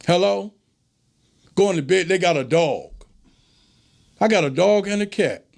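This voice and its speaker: Gravelly high-voiced man preaching. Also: animated, a little slow, darkish tone. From American South. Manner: preachy, emphatic, acts out quoted voices. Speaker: show host. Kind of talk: casual monologue.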